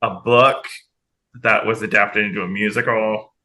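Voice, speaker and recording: Een heldere, levendige mannenstem. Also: male voice, lowish voice, moderate pace, poor audio. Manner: rambling, animated, laughs often. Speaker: podcast co-host. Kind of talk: casual chat.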